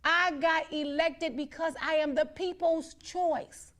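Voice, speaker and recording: A woman's voice: very high voice, steady tone, slow pace, a bit bright. A woman hosting her own show, speaking in a blunt, defiant monologue full of repeated, emphatic declarations. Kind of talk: outspoken monologue to viewers.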